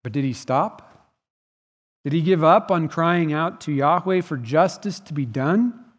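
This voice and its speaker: Pastor guy preaching, kinda high voice, earnest, loud then quiet, long church echo. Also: a little slow. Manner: earnest, emphatic preaching with swells and drops in volume. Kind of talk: sermon. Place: church sanctuary. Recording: long reverb of a church hall.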